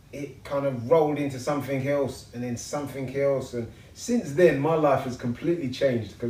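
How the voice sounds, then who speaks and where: Brief: lively, slangy male interview guest, mid-pitched, roomy sound. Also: far from the mic. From England. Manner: lively storyteller, slangy and upbeat. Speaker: interview guest, builder and TV personality. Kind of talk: casual interview chat. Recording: echoey room.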